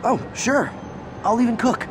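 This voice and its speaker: A man's voice: very high-pitched, measured pace, background noise. An actor playing a friendly, earnest young male hero who talks in an upbeat, chatty way.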